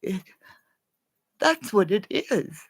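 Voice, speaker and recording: A woman from Canada rambling through a livestream monologue, jumping between topics and bursting into shouts and silly rhymes. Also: medium pitch, big pitch swings, slow, slightly rough, no echo. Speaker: vlogger.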